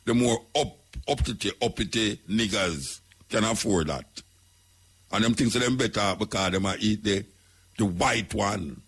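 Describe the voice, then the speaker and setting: A Jamaican man holds forth on talk radio, repeating and hammering home each point. His voice is gravelly and husky, pitched a little low. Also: measured pace, fairly bright tone. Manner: preaching, repetitive, emphatic. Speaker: radio host.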